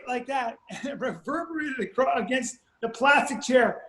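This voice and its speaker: A man co-hosting a podcast, telling a story in relaxed casual chat and swearing freely. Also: very high voice, measured pace, reverberant. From grew up abroad, moved to America as a teen. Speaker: podcast co-host.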